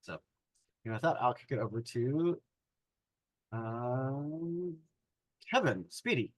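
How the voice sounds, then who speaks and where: A man's voice: medium pitch, animated, slow pace, dry recording, rough recording. Hesitant man player, dry sound. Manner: hesitant, many fillers. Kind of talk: casual chat.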